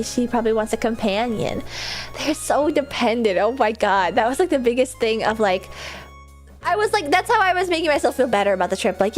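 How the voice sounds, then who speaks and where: Young female streamer, rambling storyteller; high, bouncy, very expressive pitch; soft music bed. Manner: animated, jumps into high squeals when laughing. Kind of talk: casual chat.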